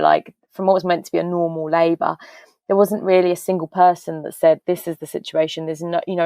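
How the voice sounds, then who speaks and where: A woman's voice: lowish voice, vocal fry, no echo. A woman, a podcast guest speaking openly over a video call and telling her story in a tumbling, candid way while acting out the voices of people she quotes. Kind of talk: candid casual interview chat.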